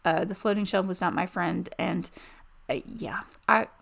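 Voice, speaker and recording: Gushing, gravelly-voiced woman chatting. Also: on the low side, moderate pace. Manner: chatty, gushing, rambling with many fillers. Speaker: Sims building YouTuber. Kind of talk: casual voice-over commentary.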